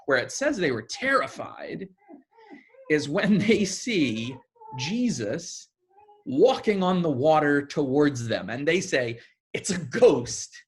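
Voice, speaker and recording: A man preaching a sermon in a conversational, animated way, often restarting his phrases. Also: on the high side, takes it slowly, slightly rough.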